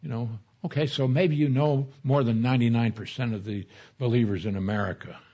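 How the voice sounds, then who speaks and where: A man's voice: medium pitch, steady tone, a little fast, warm tone. A male pastor works through scripture in an easygoing, conversational sermon, dropping in stories from his own experience. His voice carries a mild huskiness. The recording is a little muffled and lo-fi. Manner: conversational teaching with anecdotes. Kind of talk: expository sermon.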